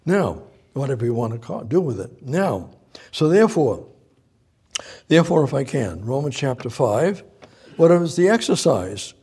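A man preaching a sermon, halting and repeating himself, firing off rhetorical questions. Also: medium pitch, very animated, dark tone, slightly rough.

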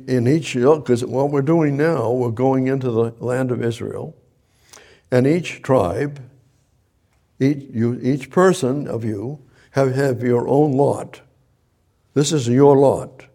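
Gravelly, husky man preaching from the Bible. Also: mid-range voice, warm tone. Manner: reads scripture then paraphrases God in a casual voice; repeats phrases, frequent restarts. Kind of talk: sermon, Bible reading and commentary.

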